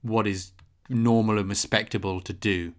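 A young man co-hosting a comedy podcast, talking in a dry, deadpan, meandering way. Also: lowish voice, moderate pace. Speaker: podcast co-host.

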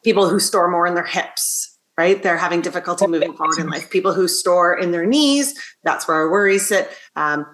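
A woman podcast host explaining ideas to her guest in a calm, teacherly way. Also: fairly low pitch, brisk, hardly any pauses. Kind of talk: interview conversation. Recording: roomy echo.

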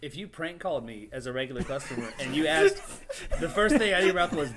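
Fast-talking man, noisy crowd behind. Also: fairly high pitch, sing-song. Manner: quick, laughing retorts. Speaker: podcast co-host. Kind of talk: casual banter podcast.

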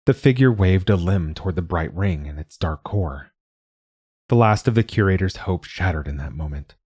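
Guy reading a story, deep dark husky voice, slow n measured. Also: expressive, no room sound, clean studio sound. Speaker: narrator and host. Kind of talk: scripted story narration.

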